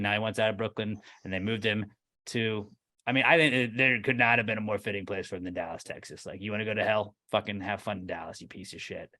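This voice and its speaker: Low, bright-toned man ranting bluntly. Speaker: podcast co-host. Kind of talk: casual chat.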